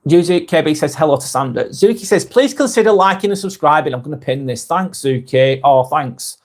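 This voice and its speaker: A man hosting a live vlog, chatting casually and reading viewers' comments aloud, with frequent "um"s and quick apologies. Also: a little high, animated. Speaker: live-stream host.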